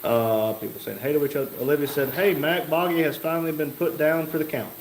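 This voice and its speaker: A man with a slightly high voice hosts a live stream, reading viewers' comments and tossing in dry, joking remarks. He sounds like he's in a roomy, echoey garage, with a faint hiss of noise underneath. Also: steady tone, quick pace. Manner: joking, wry asides while reading comments aloud. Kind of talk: casual live-stream chat.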